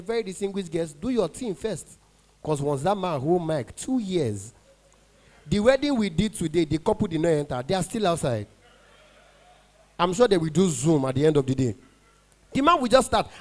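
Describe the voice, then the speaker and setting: A Nigerian man with a high voice does stand-up at an end-of-year party, teasing the audience. He slips between English and pidgin in a quick, bantering flow. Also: lively intonation. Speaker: stand-up comedian and event MC.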